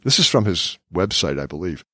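A man's voice: sits low, sing-song, fairly quick, sharp tone, no echo, clean studio sound. A man hosting a political discussion podcast, reading quotes from his notes and laughing often. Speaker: podcast host.

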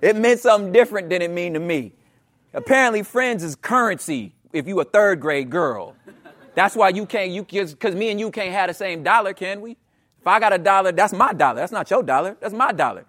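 Casual slang-heavy preacher, a man in his thirties, pitched high, talks like chatting with friends. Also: a little fast. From Los Angeles area. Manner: animated, slangy, asks the crowd "you know what I'm saying". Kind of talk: conversational sermon.

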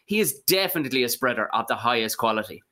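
Brief: co-host, lively pitch, swears freely, mocking banter. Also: fast talker. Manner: sweary, mocking, animated storytelling. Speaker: podcast co-host. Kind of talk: casual chat.

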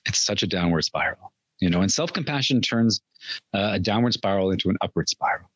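A man's voice: sits low, expressive, fairly quick, slightly rough, no echo. Earnest man with a dry, dull sound. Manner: earnest, warm self-talk with frequent restarts and laughs. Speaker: podcast guest. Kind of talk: reflective conversational chat.

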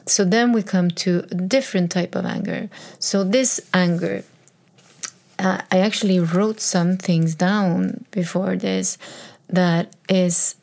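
Speaking slowly in a low, creaky, slightly mellow voice with fairly even intonation, a woman in her fifties shares personal reflections as a mother. Her storytelling is candid and earnest, full of repeated and restarted phrases.

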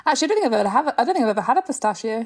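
A young woman with a fairly high voice co-hosts a podcast. She teases her co-host playfully and exaggerates for comic effect in easy, casual chat. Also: big pitch swings, racing, breathy edge. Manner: playful, teasing, dramatic exaggeration.

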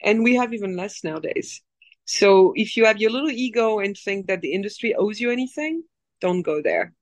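A woman in her forties with a slight French accent tells a long story as an interview guest. She rambles and restarts often, and her voice rises and falls with lively emphasis. The sound is dry and close. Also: mid-range voice, moderate pace, no room sound. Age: 40s. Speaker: actress guest. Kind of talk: casual podcast interview.

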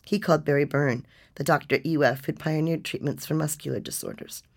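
A woman reading a nonfiction story as narrator, with a measured, restrained delivery. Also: deep voice, fairly even intonation, gravelly, a little mellow.

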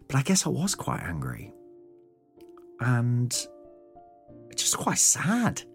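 Rambling, candid man with a low voice. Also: darkish tone. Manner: rambling and candid, with restarts and swearing. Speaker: podcast host. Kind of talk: solo podcast monologue.

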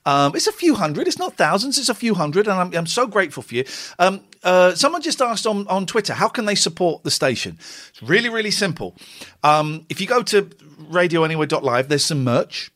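This late-night radio host, a man in his forties, works alone from a chilly room at home, talking in a chatty, rambling, self-deprecating way. He sounds very animated and brisk, with a high voice and a fairly bright tone.

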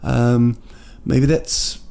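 Gravelly, dark-voiced man rambling jokily. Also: mid-range voice, little pitch movement, very slow. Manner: rambling, joking, with many restarts and fillers. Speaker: podcast host. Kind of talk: casual solo podcast monologue. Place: indoor room at night in a city.

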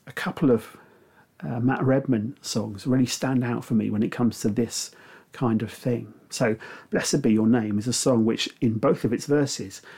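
A man's voice: medium pitch, a little mellow, husky. A middle-aged man giving a reflective sermon, with frequent fillers and restarts. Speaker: preacher. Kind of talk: sermon talk.

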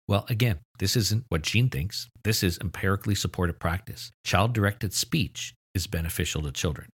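A man giving a lecture on how children learn language, in a low, slightly husky voice. He explains steadily and lifts his voice to stress the key points. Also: brisk, hardly any pauses. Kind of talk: recorded lecture.

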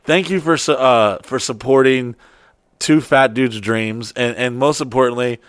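A man co-hosting a podcast, chatting casually and swearing a lot. He tells animated stories and jumps into mock voices for the people in them. His mid-range voice sits close on a dry studio mic. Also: medium pitch, a little slow, clear, resonant tone, no room sound. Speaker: podcast co-host.

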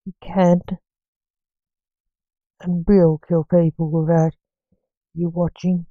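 A woman's voice: lowish voice, little pitch movement, slow pace, no room sound, phone-quality sound. A woman voicing a bossy male boss of magicians who snaps and orders curtly. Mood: stern. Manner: curt, commanding.

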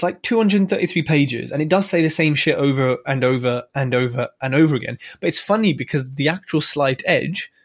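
Chatty man reviewing a book. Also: fairly high pitch. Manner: chatty, swears casually, self-mocking asides. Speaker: podcast host. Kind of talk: casual solo book review.

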